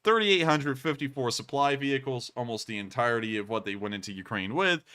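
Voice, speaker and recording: A tired man hosts a casual livestream with a bright, forward edge to his voice. He drawls through his answers, apologizes for being worn out and keeps going, like someone running on coffee late at night. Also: medium pitch, expressive, a little fast, smooth. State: exhausted, yawning. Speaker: livestream host.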